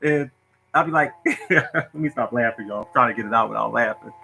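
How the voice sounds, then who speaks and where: A man's voice: mid-range voice, brisk, gravelly, bright, forceful tone, faint music behind, poor audio. A middle-aged man telling a funny story from his childhood in casual talk, laughing often and acting out the people in it. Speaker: storyteller host. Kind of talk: casual storytelling monologue to viewers.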